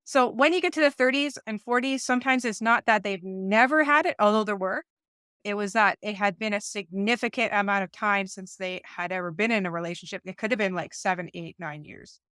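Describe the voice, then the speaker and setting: Chatty woman with a smooth, dry voice. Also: mid-range voice, fairly quick, sharp tone, dry recording. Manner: chatty, talks things through with many asides and restarts. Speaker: podcast co-host. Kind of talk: casual conversational podcast chat.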